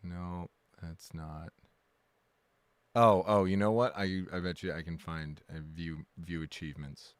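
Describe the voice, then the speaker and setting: A man's voice: sits low, fairly even intonation, unhurried, no echo. Rambling, self-correcting male streamer. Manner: jokey, self-deprecating and exaggerating. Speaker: game streamer. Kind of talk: casual live-stream chat.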